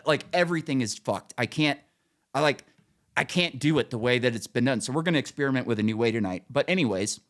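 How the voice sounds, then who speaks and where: A man co-hosting a podcast in casual chat, telling a story with lots of swearing and acting out the voices of the people in it. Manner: profane, animated storytelling; acts out quoted voices, pitching up. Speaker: podcast co-host.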